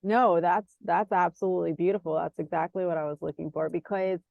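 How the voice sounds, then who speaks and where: A woman's voice: fairly low pitch, steady tone, brisk, vocal fry, dry recording. A woman interviewing on a podcast, responding in an encouraging, affirming way before asking her question. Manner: warm and encouraging, affirming the guest. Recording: dull, dry, lo-fi sound.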